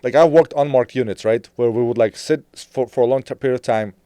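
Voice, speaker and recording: A man hosting a podcast in casual conversation, talking earnestly, repeating himself and trailing off quietly. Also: mid-range voice, quick pace, clear, resonant tone, no room sound, clean studio sound. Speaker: podcast host.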